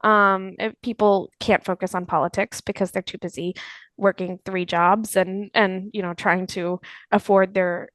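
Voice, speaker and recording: A young woman from Florida, a podcast guest in casual political chat, animated, swearing freely and laughing often. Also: medium pitch, a little slow, no room sound.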